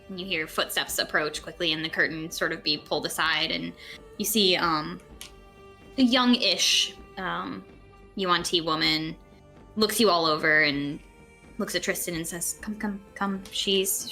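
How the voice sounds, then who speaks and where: A woman's voice: fairly low pitch, a little slow, creaky, sharp tone, soft background music. A woman narrating a tabletop game as game master, giggly and loose, with lots of fillers.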